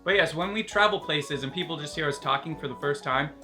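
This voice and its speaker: Bright-voiced joking Canadian man. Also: on the high side, fast, faint music behind. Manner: jokey, casual, swears freely. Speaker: vlogger. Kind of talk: comedic vlog monologue.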